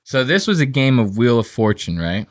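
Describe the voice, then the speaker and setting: A man's voice: medium pitch, big pitch swings, normal speed. A man hosting a podcast, telling a profane, ranting story and acting out what people said. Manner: profane, ranting, acts out quotes in voices. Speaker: podcast host. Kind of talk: casual podcast rant.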